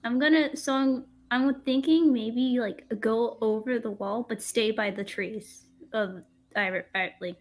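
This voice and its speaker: A woman with a slightly high voice talks through her moves in a tabletop game. She thinks aloud and asks questions in a tentative, casual way. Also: steady tone, a little slow, few pauses. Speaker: player.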